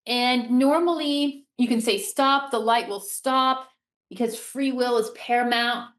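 Excitable woman leading a healing session. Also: a little high. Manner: energetic, laughs often, talks fast and excited. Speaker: psychic healer hosting a show. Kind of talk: live guided healing session.

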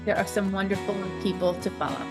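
A woman hosting a psychic show, leading listeners through a guided light healing with quick, energetic, laughing talk. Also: mid-range voice, over music. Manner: energetic, laughs often, talks fast and excited. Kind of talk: live guided healing session.

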